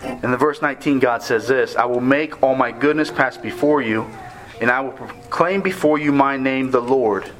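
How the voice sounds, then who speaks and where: A man preaching a sermon on a scripture passage, earnest and measured, slowing down to stress key words. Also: medium pitch, a bit bright, poor audio.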